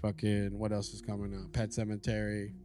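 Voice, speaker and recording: A man's voice: on the low side, monotone, fairly quick. A man co-hosting a casual horror-movie podcast, laid-back and joking, swearing freely, with music faint behind him. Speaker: podcast co-host. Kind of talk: casual chat.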